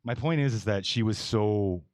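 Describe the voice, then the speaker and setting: A very low-voiced man in his forties hosts a casual podcast chat, speaking bluntly at a normal pace. He wanders off track, restarts sentences, and stacks up fillers. The recording is close and dry, with no room sound at all.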